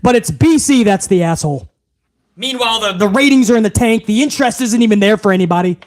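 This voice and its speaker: A man hosting a live wrestling commentary stream, ranting in an exasperated, profane, animated way. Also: high-pitched, quick pace.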